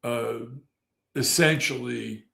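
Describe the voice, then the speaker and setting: A man's voice: medium pitch, slow pace, gravelly, sharp tone. A male podcast host talking in a casual, rambling way and swearing freely. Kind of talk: casual commentary.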